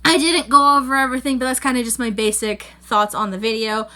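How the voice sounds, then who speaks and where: A woman's voice: on the high side, flat delivery, fast, pushed and bright. A young woman hosting a casual anime review, gushing and rambling with lots of fillers. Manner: gushing, rambling, full of "like" and "you know". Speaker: anime reaction host.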